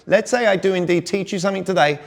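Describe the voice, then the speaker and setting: A man's voice: high voice, quick pace. A man with a British accent coaching a live audience on sales communication and firing rhetorical questions at the room. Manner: energetic, fires rhetorical questions at the crowd. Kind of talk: live seminar talk. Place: large hall with an audience. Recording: long hall reverb.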